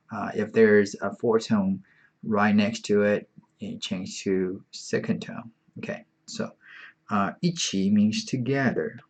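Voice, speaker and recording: A man teaching an online beginner Chinese lesson, patient and repetitive, saying each word several times. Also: on the low side. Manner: slow, patient, repeats words often.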